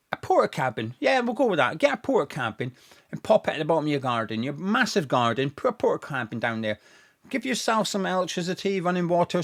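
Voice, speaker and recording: A young man, hosting a football fan show and ranting sarcastically about his club's owners. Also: on the high side. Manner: sarcastic, mocking, animated rant with mock quotes. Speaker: football fan podcast host.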